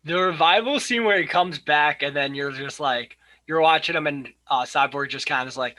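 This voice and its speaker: A man co-hosting a casual movie podcast, excitable and swearing freely as he recalls scenes. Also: a little high, moderate pace, hardly any pauses. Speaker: podcast co-host. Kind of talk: casual movie review chat.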